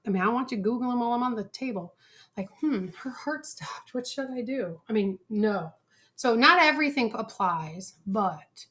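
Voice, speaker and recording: A schoolteacher hosting a home cooking video, chatting playfully and teasing her daughter while tasting the food. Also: mid-range voice. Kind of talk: casual chat. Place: home kitchen.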